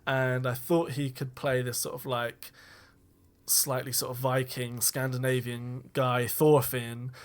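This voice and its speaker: A man giving a casual, rambling commentary as a film director, candid and self-deprecating, with frequent ums and restarts. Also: mid-range voice.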